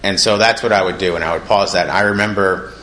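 Man, deep voice, relaxed conversational testimony, roomy echo. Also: quick pace. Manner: casual, conversational, acts out quoted dialogue. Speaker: recovery meeting speaker. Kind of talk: personal testimony. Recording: echoey room with faint noise.

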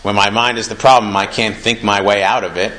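A man's voice: fairly low pitch, steady tone, a little fast, a bit bright, low-quality recording. A young man speaking earnestly at a recovery meeting, reading passages aloud from a book and reflecting on them in a conversational way.

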